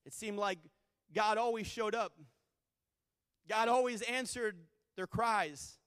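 A man's voice: high voice, takes it slowly, a bit bright, clean tone, no room sound, in a large hall. A male pastor preaching a sermon with fervent, repeated refrains.

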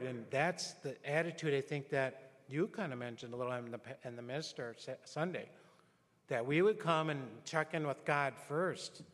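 Long hall reverb fills this recording from a church sanctuary, where a middle-aged man with a medium-pitched, fairly bright voice gives a conversational sermon. He tells anecdotes and acts out quotes.

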